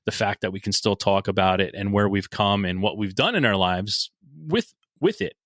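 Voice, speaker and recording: A man's voice: fairly low pitch, expressive, moderate pace, a bit bright, no room sound, studio quality. A man hosting a casual podcast interview, talking enthusiastically and swearing freely. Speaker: podcast host.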